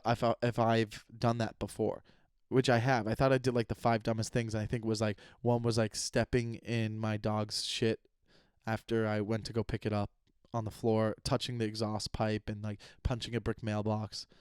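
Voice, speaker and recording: A man's voice: mid-range voice, a little mellow, clear, resonant tone, dry recording, studio quality. A young man hosting his own podcast, rambling casually with self-mocking humor and frequent cursing. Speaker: podcast host and comedian. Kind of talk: casual solo podcast monologue.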